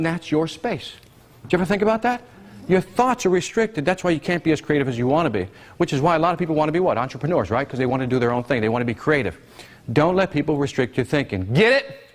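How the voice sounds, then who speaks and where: A man presenting a live business seminar to an audience, energetic, constantly quizzing the room with questions. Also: on the high side.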